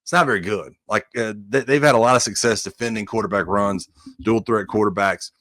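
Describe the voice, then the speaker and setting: His pitch is fairly low and his pace a little fast, captured as a dry, clean studio recording. The man, an ex-college offensive lineman, tells animated stories in a casual sports podcast conversation, voicing the quotes and saying "dude" frequently.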